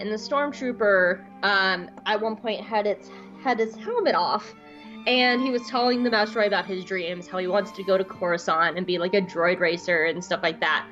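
A woman co-hosting a podcast, telling a story in a casual, excitable, gushing way. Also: medium pitch, highs cut off. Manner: excitable, gushing, breaks into squeals. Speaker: podcast co-host.

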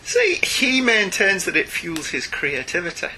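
A man's voice: sits high, huge pitch swings, unhurried, bright, forceful tone, a little hiss or hum, low-quality recording. A man with a Northern English accent, co-hosting a podcast in casual, wry chat. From Northern England. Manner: chatty, wry, self-mocking. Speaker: podcast co-host.

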